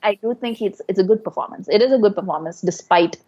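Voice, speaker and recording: A woman's voice: medium pitch, quick pace, dark tone. A woman co-hosting a podcast who gives blunt, opinionated takes on films in casual chat. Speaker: podcast co-host. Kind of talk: casual film discussion. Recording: dull lo-fi recording.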